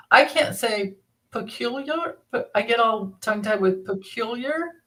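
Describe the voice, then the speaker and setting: A woman's voice: a little high, expressive, slow, sharp tone. A woman hosting a live tarot reading stream, chatting casually, reading viewer comments aloud and laughing easily. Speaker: tarot reader hosting a livestream.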